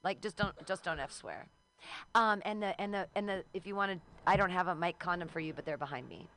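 A woman hosts a comedy open mic, joking loosely and introducing the next act. Her voice is bright and tense, with heavy creaky fry. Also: lowish voice, fairly quick. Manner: loose, joking, cheering acts on.

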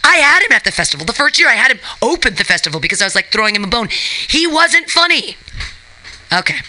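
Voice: mid-range voice, sing-song, fast talker, sharp tone, rough recording. A radio host and comedy organizer ranting angrily with heated, emphatic swearing. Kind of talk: profane angry rant.

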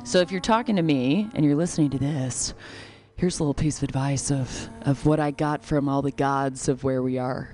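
Low-voiced rambling woman, laughing often. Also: normal speed, a little mellow, a little hiss or hum. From California, Kern River Valley. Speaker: guest comedian. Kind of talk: casual podcast chat.

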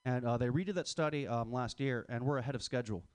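A man's voice: medium pitch, fast talker, darkish tone, a little hiss or hum. A man in his twenties doing a stand-up comedy set, crude, rambling and self-mocking. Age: 20s. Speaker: stand-up comic.

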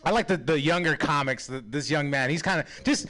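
A man from San Francisco working through a stand-up set in a crude, self-deprecating way. His delivery is animated, and his pitch swings up and down a lot. He keeps laughing at his own jokes. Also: a little fast. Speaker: stand-up comedian.

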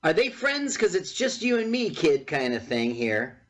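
Man, higher voice, lively ups and downs, punning, casual podcast chat. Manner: playful punning, quick reactions. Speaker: podcast co-host. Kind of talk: casual movie-watching chat.

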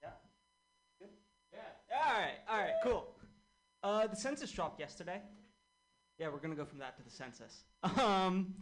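A man doing stand-up comedy on a club stage, in a dry, mock-excited manner. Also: high-pitched, moderate pace, long pauses, low-quality recording.

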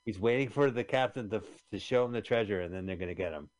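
A man's voice: fairly low pitch, quick pace, darkish tone. A man co-hosting a casual podcast chat, animatedly retelling a film and swearing casually. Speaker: podcast co-host.

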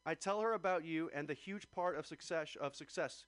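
A man's voice: on the high side, brisk, fairly bright tone, no echo. Joking, cursing male radio host. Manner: swearing, joking, reads letters aloud. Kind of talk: casual chat reading a letter aloud.

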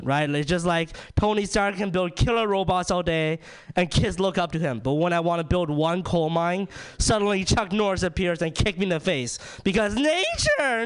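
A man's voice: fairly high pitch, clear, resonant tone. A young man from China doing a ranting, self-deprecating stand-up comedy set, leaning on "like" and "right?". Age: young adult.

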